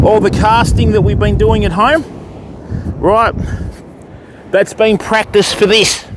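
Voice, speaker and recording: Australian fishing host, man, high voice, matey chat, noisy beach recording. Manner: chatty, matey, addresses viewers directly. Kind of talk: casual live-stream chat to viewers. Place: outdoors on a surf beach.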